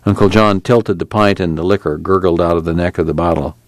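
A man reading a novel aloud as an audiobook narrator, slow and measured. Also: low-pitched, steady tone, no room sound. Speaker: audiobook reader. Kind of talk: scripted narration with character voices.

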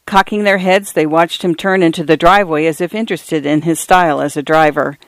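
A man narrating literary fiction in a measured, wry storytelling delivery. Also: a little high, fairly even intonation, dry recording. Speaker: audiobook narrator.

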